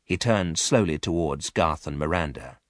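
A man narrating a storybook in a clear, expressive reading. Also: a bass voice, normal speed, no echo, clean studio sound.

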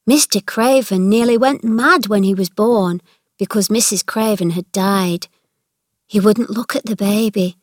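A woman's voice: medium pitch, no echo, clean studio sound, natural voice. A woman reading aloud, voicing a chatty, kindly young housemaid passing on household gossip. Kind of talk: read-aloud storybook dialogue.

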